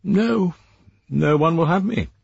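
A man's voice: a little high, lively intonation, slow pace, vocal fry, a little mellow, breathy edge, highs cut off, voice pushed up, full character voice. A man voicing a wry young female secretary who speaks in a light, teasing way.

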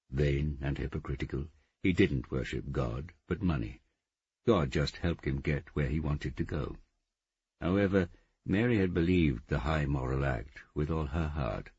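A man narrating a novel in steady, measured scripted narration. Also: extremely low pitch, breathy edge, dry recording, muffled recording. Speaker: audiobook narrator.

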